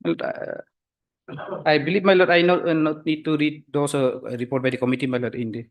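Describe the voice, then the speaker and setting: Halting advocate, somewhat high voice. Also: male voice, fairly even intonation. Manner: hesitant, full of fillers, repeats "my lord" constantly. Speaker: advocate for the government. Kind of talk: courtroom argument. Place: courtroom.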